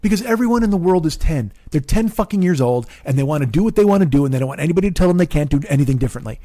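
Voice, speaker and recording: A man in his forties, a comedian and podcast host, telling a profane, exasperated story monologue that swings into loud rants. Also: on the high side, animated, racing, hardly any pauses, no room sound, studio quality. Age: 40s.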